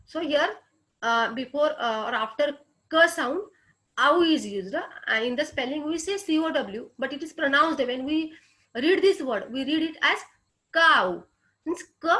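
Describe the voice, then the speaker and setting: High-voiced Indian woman teaching phonetics. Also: sharp tone. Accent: Indian English. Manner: hesitant, many filler sounds, repeats sounds slowly to demonstrate. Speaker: English lecturer. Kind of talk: online phonetics lecture.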